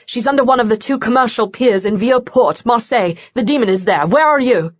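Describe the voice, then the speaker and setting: A woman voicing an ancient male vampire who speaks in a forceful, commanding way. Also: a little high, expressive, brisk, dry recording. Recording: dull, dry lo-fi audio.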